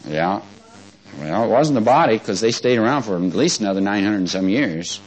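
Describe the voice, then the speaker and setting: In a rough recording with faint background music, a man with a lowish, animated voice preaches fairly quickly. His sermon is folksy and conversational, full of call-and-response as he questions the congregation and has them echo words back.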